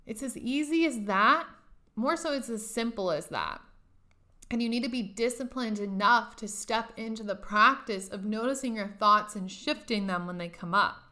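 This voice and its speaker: Young woman podcast host, bright voice, swears a lot, laughs, pumped-up pep talk. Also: on the high side, normal speed. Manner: profane, emphatic, laughs often. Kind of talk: casual motivational monologue.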